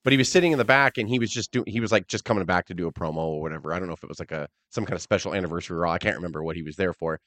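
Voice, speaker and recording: Man, rapid talker, rambling profane storyteller, dry close sound. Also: low-pitched, fairly bright tone, dry recording. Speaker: podcast host. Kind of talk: casual wrestling talk.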